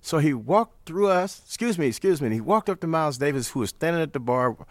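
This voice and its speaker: An older man from St. Louis, telling stories as an interview guest in a relaxed manner, repeating phrases. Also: on the high side, fast, no echo, studio quality. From St. Louis, USA. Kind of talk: storytelling in an interview.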